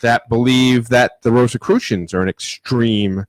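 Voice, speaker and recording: A man's voice: mid-range voice, a little slow, no echo. A man co-hosting a casual podcast chat, joking and talking over the others. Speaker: podcast co-host.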